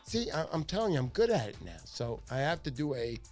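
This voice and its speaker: A middle-aged man hosting a livestream, his voice sitting a bit high for a man. He chats casually and tells excitable stories, acting out the voices of the people in them. Faint music plays underneath. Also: brisk. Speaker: livestream host.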